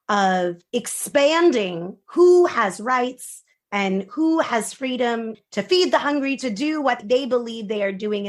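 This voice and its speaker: A woman guest speaking earnestly and deliberately in a discussion. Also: on the high side. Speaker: podcast guest.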